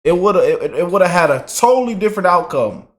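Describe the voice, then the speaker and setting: A man doing casual reaction commentary for his channel, loud and laughing, talking slangy to his viewers. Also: high-pitched, sing-song, quick pace.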